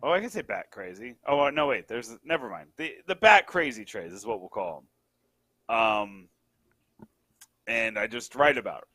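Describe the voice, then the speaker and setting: A man's voice: on the low side, moderate pace, no room sound. A man who edits a sports site, chatting casually as a guest on a podcast, joking and drifting into asides. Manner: animated, jokey, trails off into asides.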